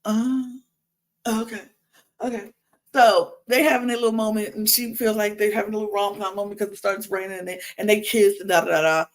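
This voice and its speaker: A woman's voice: medium pitch, steady tone, a little fast. A woman hosting a podcast, talking casually in a sassy, exasperated way. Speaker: podcast host recapping a reality show. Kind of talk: casual chat.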